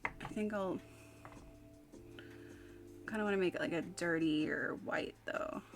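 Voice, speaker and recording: A woman livestreaming as she paints, chatting in a relaxed way and thinking aloud. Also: lowish voice, measured pace. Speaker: livestreaming artist. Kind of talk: casual chat while painting. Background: faint music.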